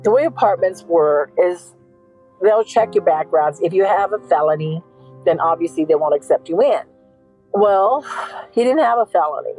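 A woman with a somewhat low voice tells of her daughter's last months, reliving each conversation by voicing both herself and her child. Soft music sits faintly beneath her. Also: lively intonation, normal speed, low-quality recording. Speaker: victim's mother, interviewee. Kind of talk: emotional personal recollection.

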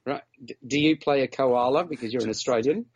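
A man's voice: mid-range voice, brisk, slightly rough, highs cut off. A man co-hosting a casual podcast chat about a film, chatty and teasing, talking in long run-on stretches. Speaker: film reviewer co-host.

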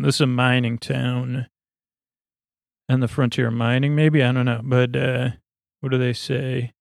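A man with a gravelly voice of middling pitch drifts through a loose bedtime-style recap, full of fillers and side remarks. The recording is dry and close. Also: little pitch movement, measured pace, long pauses, no room sound. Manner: rambling, lots of fillers and asides. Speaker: podcast host.

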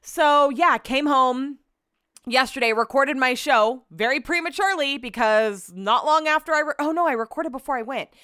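Young adult female podcast host, slightly high, smooth clear tone, gabby storyteller, dry close mic. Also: normal speed, dry recording. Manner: animated storytelling, swearing, lots of "like". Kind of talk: casual chat.

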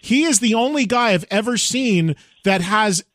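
A man's voice: sits high, normal speed, fairly bright tone, dry recording, clean studio sound. A man hosting a radio show who asks questions and emphatically piles on praise for his guest. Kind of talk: interview questions and chat.

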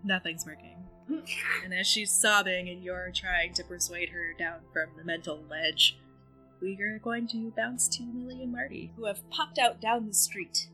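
A woman narrating a tabletop horror game as game master, calm and wry. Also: mid-range voice, normal speed, faint music behind, rough recording.

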